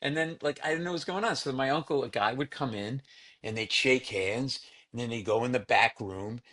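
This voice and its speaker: A man spins family anecdotes in conversation, his voice rising and dropping as he acts out relatives. He talks in quick bursts with plenty of fillers and restarts. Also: mid-range voice. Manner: animated storyteller who acts out family characters. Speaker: comedian guest. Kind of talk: storytelling in casual conversation.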